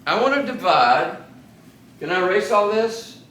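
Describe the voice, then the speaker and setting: A man's voice: high-pitched, lively intonation, measured pace, fairly bright tone, echoey room, recorded from a distance, poor audio. A man teaching a Bible study to a small class in a casual, conversational way, often restarting sentences and asking the group questions.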